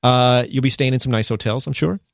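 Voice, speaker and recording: A man hosting a radio interview, chatty and joking, with quick asides. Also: mid-range voice, vocal fry, dry recording, studio quality. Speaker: radio host. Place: radio studio.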